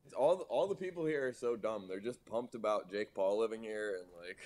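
A man's voice: lowish voice, brisk, a little mellow. A man co-hosting a comedy podcast over a call, chatting casually, joking crudely and laughing often.

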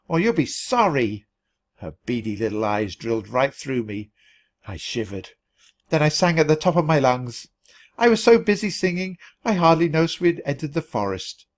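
Expressive male storybook reader. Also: medium pitch. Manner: expressive, clear reading at natural speed. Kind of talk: storybook narration for language learners.

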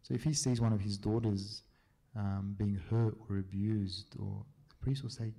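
A man's voice: on the low side, steady tone, gravelly, dark tone. A man, a priest, answering questions from a church group in a casual, chatty way, telling stories and often checking in with his listeners. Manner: chatty storyteller, often checks in with a quick "yeah?".

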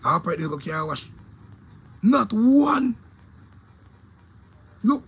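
High-voiced, fiery Jamaican man ranting. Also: big pitch swings, slow pace, creaky, fairly bright tone, slightly rough. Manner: angry, profane, repetitive ranting. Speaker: DJ giving opinions. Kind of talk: heated opinion rant.

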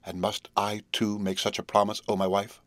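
A heartbroken husband begs his dying wife, his words broken by grief, as a male reader gives him voice. The voice is low and sits close to the mic, with a dry sound. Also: flat delivery, normal speed, a bit bright, no room sound, lightly acted. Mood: pleading. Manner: pleading and broken. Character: grief-stricken husband, pleading.

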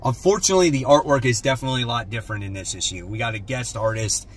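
A man's voice: medium pitch, very fast, breathy edge. A man hosting a casual comic haul video, laid-back and blunt, often tacking "man" onto his sentences. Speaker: comic book channel host.

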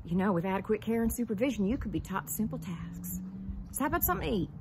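A woman's voice: medium pitch, lively intonation, fast, background noise, lightly acted. Woman voicing a dry, blunt wheelchair user. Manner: matter-of-fact, dryly teasing. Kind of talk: poetry recitation, talking-blues storytelling.

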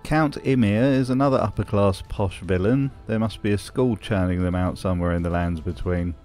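A man's voice: fairly low pitch, moderate pace, darkish tone, soft background music. Dry male narrator. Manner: dry, wry. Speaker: video essay narrator. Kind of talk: scripted narration.

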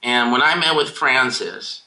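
A film director answering audience questions over a video call, rambling and emotional, swearing casually. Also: male voice, mid-range voice, unhurried, sharp tone, low-quality recording.

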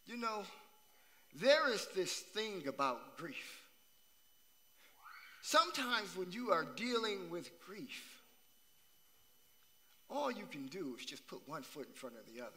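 A male pastor with a high, very bright, ringing voice delivers a sermon. He circles back to phrases for emphasis and calls out questions to the congregation. His voice trails off into a long church reverb. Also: big pitch swings, slow pace, long pauses. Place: church sanctuary.

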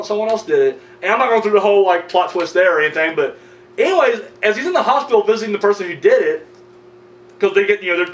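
High-voiced man rambling through a movie plot. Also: fairly bright tone. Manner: loose and profane, heavy on fillers like "you know" and "like". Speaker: horror film reviewer. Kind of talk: casual rambling plot recap. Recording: roomy, distant mic with faint hum.

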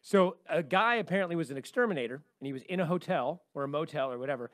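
Fast-talking high-voiced man telling a story. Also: expressive, a bit bright, no room sound, clean studio sound. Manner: fast storytelling, acts out the people in his stories. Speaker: podcast co-host. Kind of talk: casual podcast chat.

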